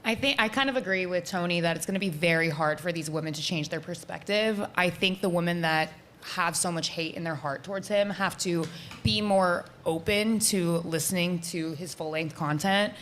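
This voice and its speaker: A woman's voice: on the low side, normal speed, fairly bright tone, a little hiss or hum. A woman on a podcast panel giving her opinion in a chatty, storytelling way with many "like"s. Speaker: panel guest. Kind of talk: casual panel discussion.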